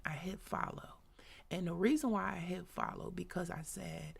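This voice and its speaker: A woman hosts a live business talk with casual motivational chat, sometimes reading aloud from a book. She is chatty and laughs often, with quick whispered asides. Her voice is low with a gravelly edge.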